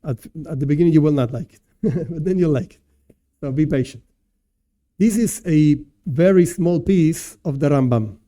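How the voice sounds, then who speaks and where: A man lecturing as a rabbi, his voice sitting a bit high yet sounding very dark and mellow. He teaches from slides in a loose, conversational way, tossing in "whatever" and repeating himself, and chuckles at his own examples. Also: normal speed. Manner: casual and repetitive, peppered with "whatever" and "et cetera".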